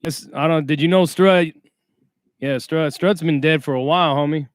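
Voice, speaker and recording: A man's voice: fairly high pitch, fairly even intonation, normal speed, no echo, studio quality. Streetwise man hosting a livestream. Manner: streetwise slang, reads chat names aloud. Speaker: livestream host. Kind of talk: casual livestream chat.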